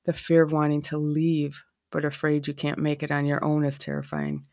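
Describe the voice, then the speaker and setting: Drawing on her own experience, a middle-aged podcast host talks with frank candor. She speaks at a normal pace in a low, darkish voice, captured dry with clean studio sound.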